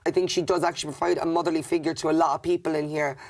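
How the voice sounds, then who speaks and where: A young Irish man in a reality-show diary room, speaking gently and affectionately about friends in the house. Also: on the high side, little pitch movement, rapid-fire. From Ireland.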